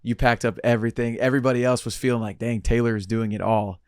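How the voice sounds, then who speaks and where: Male podcast co-host, teasing banter, clean smooth voice, dry close mic. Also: mid-range voice, fairly even intonation, quick pace, a little mellow, no echo. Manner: teasing, chuckling. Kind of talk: casual chat.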